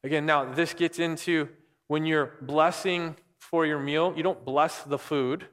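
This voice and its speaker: A man's voice: a little high, fairly even intonation, a little slow, fairly bright tone. Man preaching in a reverberant hall. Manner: conversational, asks the room questions. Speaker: pastor. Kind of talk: sermon.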